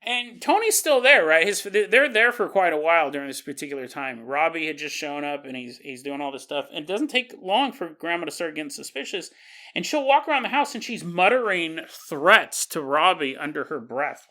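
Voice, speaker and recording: A man hosting a podcast, telling a story in a casual, animated way and joking and laughing as he goes. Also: on the high side, moderate pace. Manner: animated, jokey, laughs often. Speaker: podcast host.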